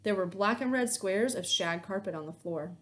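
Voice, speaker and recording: A woman teacher reading a children's novel aloud to her class, with expressive storytelling. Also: mid-range voice, normal speed. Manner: expressive storytelling, lively intonation.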